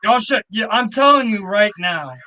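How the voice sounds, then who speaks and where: A man's voice: high voice, lively intonation, normal speed, bright, forceful tone, highs cut off. A man co-hosting a fan stream who talks in an emphatic, insistent way with plenty of swearing. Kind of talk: casual chat.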